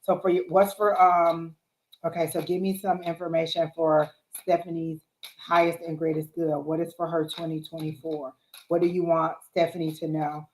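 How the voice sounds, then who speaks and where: A woman's voice: deep voice, level tone, normal speed, darkish tone, slight background noise. A woman giving live psychic tarot readings, talking in an encouraging, repetitive way with frequent fillers. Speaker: psychic reader. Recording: roomy echo.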